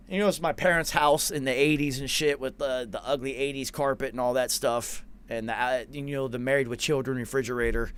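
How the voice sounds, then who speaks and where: A man's voice: mid-range voice, clean tone. A man in his forties, a podcast host, telling a long rambling story with lots of swearing and quoted asides. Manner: rambling, profane, animated anecdote with self-quoting. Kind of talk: casual storytelling.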